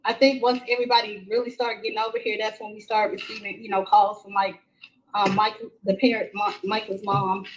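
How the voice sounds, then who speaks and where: A middle-aged woman from Texas, a mother telling her story in a live-stream interview, halting and repeating herself with many fillers. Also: medium pitch, little pitch movement, a little hiss or hum, poor audio. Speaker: grieving mother, interview guest. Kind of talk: emotional first-person account in a live-stream interview.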